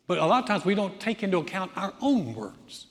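A pastor in full sermon mode, his high voice carrying through a large hall with a long reverb tail. He preaches with animation, leaning hard on repeated phrases to drive each point home. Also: sing-song, fairly quick, fairly bright tone.

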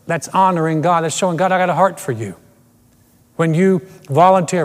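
A man's voice: a little high, long reverb tail. A middle-aged man preaching a sermon as pastor, earnest and emphatic, often restarting his phrases. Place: empty church auditorium.

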